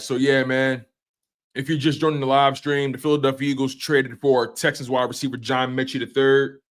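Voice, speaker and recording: A man's voice: medium pitch, fairly bright tone. A man hosting a live sports stream, breaking down team news and ranting heatedly at rival fans. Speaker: sports show host.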